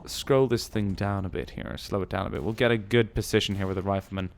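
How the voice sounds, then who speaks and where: A man's voice: lowish voice, steady tone, quick pace, gravelly. A man giving casual, rambling gameplay commentary, musing aloud and swearing now and then. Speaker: gaming channel host.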